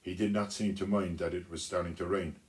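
A man telling a children's story aloud, unhurried, with small restarts. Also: low-pitched, steady tone, darkish tone.

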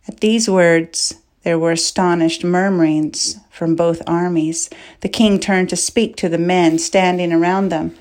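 A woman reads a novel aloud in an unhurried, measured way. Her voice sits on the low side, and she lets each sentence unfold very slowly. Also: steady tone, a little mellow. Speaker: audiobook narrator. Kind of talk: scripted narration of a novel.

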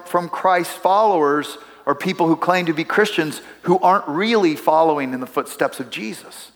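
Middle-aged male pastor, conversational storytelling sermon, fairly high voice, church sanctuary with long reverb. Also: moderate pace, hardly any pauses. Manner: conversational, storytelling with asides to the congregation.

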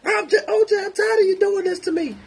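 A man voicing a frightened woman pleading with her abusive partner, in a high falsetto. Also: fast, gravelly.

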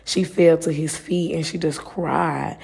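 A woman's voice: low-pitched, fairly even intonation, measured pace, creaky, a little mellow, slightly rough. A woman hosting a faith-based podcast, talking earnestly and personally, with many fillers. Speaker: podcast host.

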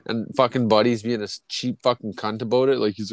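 A man's voice: lowish voice, steady tone, brisk, few pauses, dry recording. Rambling, swearing podcast host man. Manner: rambling, heavy swearing, ranting. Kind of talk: casual profane chat.

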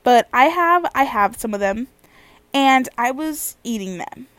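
Animated, slangy young woman, bright voice. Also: fairly high pitch, unhurried, no room sound. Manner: animated, slangy, swears freely. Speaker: vlogger. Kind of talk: casual storytelling.

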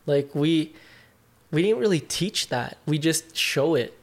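A man's voice: a little high, animated, unhurried. A young man talking openly as a podcast guest, reflective and casual, with lots of filler words and some swearing. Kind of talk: candid conversation.

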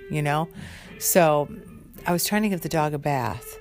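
Overtired woman, low voice, profane exasperated rant, guitar music underneath. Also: animated, a little slow, long pauses. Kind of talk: casual ranting monologue.

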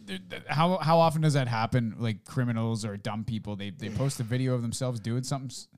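A man's voice: medium pitch, brisk. A man in casual podcast chat, telling rambling stories and swearing freely.

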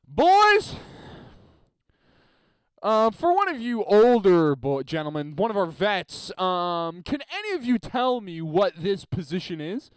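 A man's voice: sits high, normal speed, few pauses, dry recording, pitched above the performer's own voice, natural voice. A man voicing a furious male football coach who bellows at his players. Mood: barking orders.

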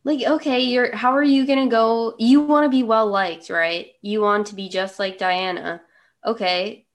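A woman's voice: on the high side, fairly even intonation, moderate pace. A woman co-hosting a casual podcast, recapping a film scene by scene with sarcastic, mocking commentary. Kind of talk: casual chat.

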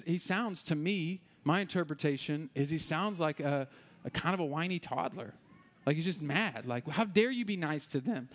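A man preaching an informal sermon, repeating words and restarting his sentences. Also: on the high side. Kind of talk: conversational sermon.

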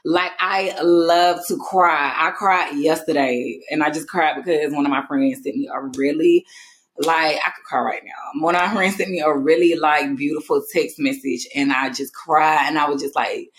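Low-voiced woman in laughing podcast chat. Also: normal speed. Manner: expressive and laughing, addresses listeners as y'all. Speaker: podcast co-host. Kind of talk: casual chat.

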